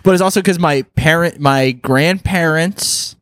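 A man's voice: fairly high pitch, a little slow, a bit bright, dry recording. A man co-hosting a podcast, telling funny stories in casual chat, laughing often, swearing freely and acting out the voices of people he quotes. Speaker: podcast co-host. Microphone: podcast studio mic. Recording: dry close studio sound.

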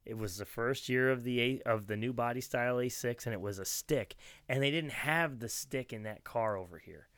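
Middle-aged male storyteller, smooth resonant voice, dry close sound, rambling and chatty. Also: mid-range voice, normal speed, fairly bright tone, no echo. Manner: rambling anecdotal storytelling with frequent restarts and laughs. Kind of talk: casual chat.

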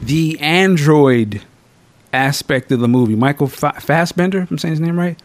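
A man hosting a podcast, reviewing a film in casual, slangy, profane chat with animated storytelling. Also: a little high, normal speed. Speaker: podcast host.

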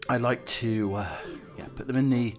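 A man's voice: medium pitch, steady tone, moderate pace. A man with a British accent rambling theatrically in a comic chat, a little out of breath. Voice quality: theatrical, jokey, rambling with restarts. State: slightly out of breath. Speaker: comic vlogger playing a butler persona. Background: background music.

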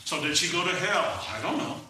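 A middle-aged preacher delivers an emphatic, folksy sermon, his high voice leaping up and down with great animation. His tone is very bright and ringing. He sounds far from the mic, in a very echoey church room. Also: expressive, brisk, a little hiss or hum.

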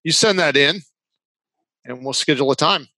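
A man's voice: a little high, moderate pace, bright, forceful tone, dry recording. A man guesting on a podcast as a business consultant, explaining his views earnestly in casual interview talk, with a dry sarcastic streak. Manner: earnest, sarcastic at times, laughs while explaining.

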